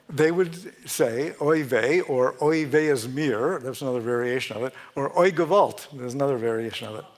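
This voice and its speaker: A man giving a conversational sermon in a church, chatty and joking, often restarting his sentences and laughing at his own jokes. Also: medium pitch. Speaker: speaker giving a Sunday talk. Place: church sanctuary.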